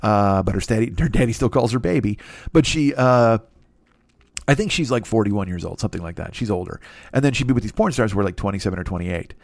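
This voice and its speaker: A man hosting a podcast, telling a crude comedic story in a rambling, profane way and often mimicking other people in high voices. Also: lively intonation, quick pace, gravelly, dry recording, studio quality. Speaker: podcast host.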